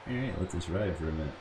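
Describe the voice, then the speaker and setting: A man's voice: deep voice, noisy background. A man commenting casually on a computer game as he plays, thinking aloud, reading game text and cussing when annoyed. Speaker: gaming channel host. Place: home room at a computer. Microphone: boom mic. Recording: echoey room with game music.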